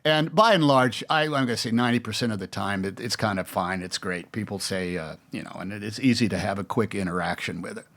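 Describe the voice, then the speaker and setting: A man's voice: on the low side, fast, few pauses, a bit bright. A man in his sixties with an American accent, telling stories in a casual interview, rambling with restarts and mimicking other voices. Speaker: actor, interview guest.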